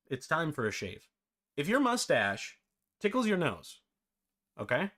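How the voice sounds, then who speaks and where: A man's voice: fairly high pitch, huge pitch swings, a little slow, pauses often, sharp tone. A man hosting a live-streamed game development tutorial, chatty and self-deprecating, often breaking into laughter.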